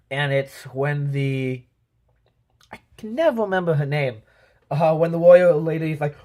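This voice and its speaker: A man's voice: on the high side, a little mellow. A man giving a casual movie review, rambling with lots of "um" and "you know" and acting out sound effects as he talks. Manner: voices sound effects and quotes while telling.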